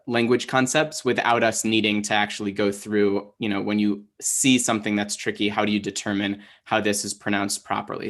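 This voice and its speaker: A man's voice: fairly low pitch, a bit bright. A man teaching an online Hebrew class, explaining patiently with lots of fillers and restarts over a video call.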